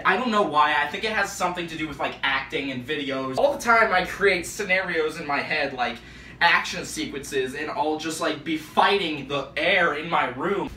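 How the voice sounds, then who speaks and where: A nineteen-year-old man vlogging at home, rambling excitedly and filling his talk with "like", swinging from mumbles to yells. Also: fairly high pitch, roomy sound, distant mic, a little hiss or hum. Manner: excitable, rambling, heavy use of "like", jumps between mumbling and yelling. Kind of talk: casual rambling vlog monologue. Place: home, indoors, at night.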